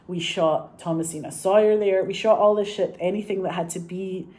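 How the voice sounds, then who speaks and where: Laughing, foul-mouthed woman with a mellow voice. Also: mid-range voice, moderate pace. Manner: animated and profane, laughing often, rambling. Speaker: actress. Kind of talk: casual anecdote.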